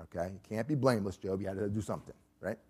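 A man's voice: on the low side, racing, mellow, husky. A man teaching a Bible study class, emphatic and repeatedly checking in with his listeners.

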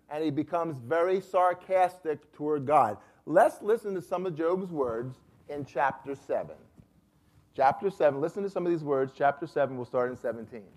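A man teaching a Bible study class, emphatic and repeatedly checking in with his listeners. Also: a little high.

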